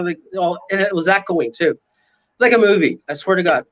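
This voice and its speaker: Excitable man telling a dramatic story. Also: high voice, fairly quick, muffled recording. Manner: excitable, dramatic retelling with frequent "right?". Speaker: paranormal investigator guest. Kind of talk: animated storytelling in casual interview.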